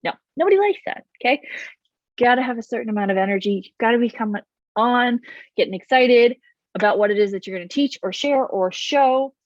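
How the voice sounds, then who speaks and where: Fast, loud woman coaching to camera. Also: a little high, no room sound. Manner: loud, fast, animated talker who talks with her hands. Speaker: business coach. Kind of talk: casual to-camera advice. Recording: dull, slightly lo-fi, dry sound.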